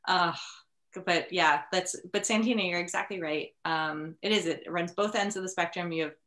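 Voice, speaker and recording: A woman's voice: lowish voice, normal speed, a bit bright. A woman on a panel, chatting casually and telling a personal story with lots of fillers. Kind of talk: casual chat.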